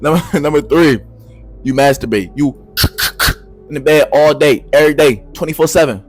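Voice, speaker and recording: A young man giving a profane, slangy advice rant to camera, swinging between low mutters and loud shouts. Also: animated, normal speed, slightly rough, faint music behind. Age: young adult. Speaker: vlogger.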